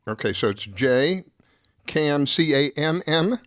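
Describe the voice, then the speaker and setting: A man's voice: on the high side, animated, takes it slowly, fairly bright tone, no room sound. A man hosting a radio talk show, chatty and easygoing, speaking in a studio. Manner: chatty, easygoing, laughs often.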